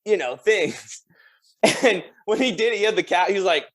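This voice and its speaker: A man's voice: sits high, lively intonation, moderate pace, a bit bright. A young man chatting as a podcast guest, telling loose stories full of "like" and laughing as he acts out other people's lines. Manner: laid-back storyteller, lots of "like" and laughs, acts out quotes. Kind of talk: casual interview chat.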